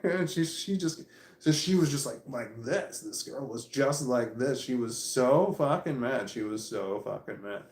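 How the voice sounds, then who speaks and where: A man's voice: medium pitch, animated, normal speed, a little mellow, echoey room. A man in his forties telling a long, profane anecdote in a casual, rambling way, often breaking into laughter. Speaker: vlogger. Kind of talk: casual storytelling.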